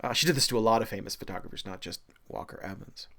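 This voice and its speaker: A man giving a recorded art history lecture, animated and excitable, with frequent fillers and self-deprecating dad jokes. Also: fairly low pitch, fast talker.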